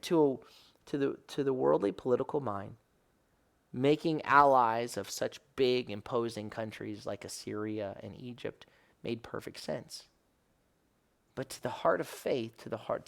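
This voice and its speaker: A man's voice: mid-range voice, gravelly, fairly bright tone. A man as a rabbi giving an earnest devotional Bible teaching, rising to emphatic questions and often correcting himself mid-phrase.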